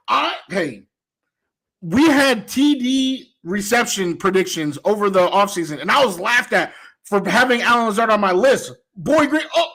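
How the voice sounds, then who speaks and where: High-voiced, excitable male co-host. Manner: excitable, playful, laughs often. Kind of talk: casual sports talk show.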